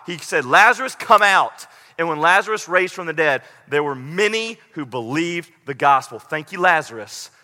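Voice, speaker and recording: A man's voice: on the high side, bright, forceful tone, big-room sound. A middle-aged man preaching a sermon, earnest and at times pleading. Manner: earnest, rising to pleading intensity. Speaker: pastor.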